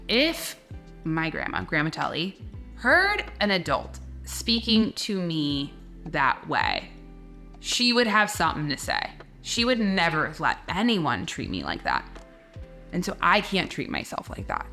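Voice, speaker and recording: A woman spiritual coach talks in a soft, slow, soothing way and repeats her key phrases gently. Her voice sits a little low but has a bright, forward tone. Soft music plays faintly underneath. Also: big pitch swings. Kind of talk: gentle guided teaching talk.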